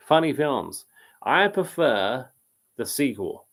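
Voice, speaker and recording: A man's voice: mid-range voice, lively intonation, unhurried, creaky. A man hosting a live quiz stream, reading out chat comments and rambling casually about films, often breaking off mid-sentence and laughing.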